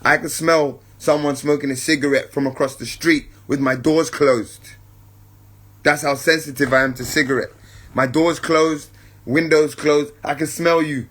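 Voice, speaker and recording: A man's voice: fairly high pitch, fairly even intonation, a bit bright, slightly rough. A man hosting a spiritual podcast, talking reflectively and checking in with his listeners, whom he calls family. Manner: keeps checking in with listeners, addresses them as family; unhurried, repeats points for emphasis. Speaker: podcast host.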